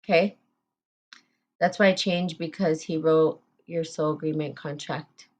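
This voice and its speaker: A woman's voice: sits low, fairly even intonation, a little slow, a little mellow. A woman hosting a spiritual group talk, speaking earnestly about self-love, repeating phrases and using fillers. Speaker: podcast host.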